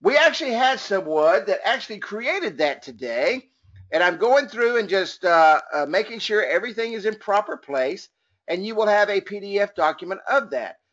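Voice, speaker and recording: A man's voice: sits high, very animated, moderate pace, a bit bright, highs cut off. A man from Texas with a Texan accent running a motivational business training webinar, folksy and upbeat, joking and chatting with attendees.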